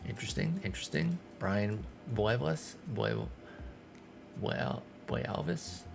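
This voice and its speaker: A young man giving casual gameplay commentary as a streamer, thinking aloud and breaking into sudden excited outbursts. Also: lowish voice, gravelly, a little hiss or hum. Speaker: streamer playing a baseball management game.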